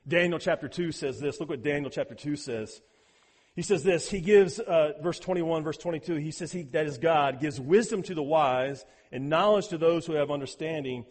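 This pastor preaches at a moderate pace inside a large hall. His sermon climbs to forceful, loud moments and then sinks quietly, with words frequently repeated for emphasis.

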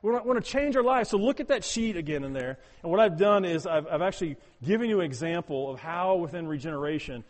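A male pastor preaching in a church hall, his voice set high for a man. He stresses his points hard, doubles up words, and drops to a hushed, prayerful tone between loud urging passages. The sound carries a long hall reverb. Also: lively intonation, quick pace, hardly any pauses. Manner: emphatic, repeats words, swings from loud urging to quiet prayerful tones. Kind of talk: sermon.

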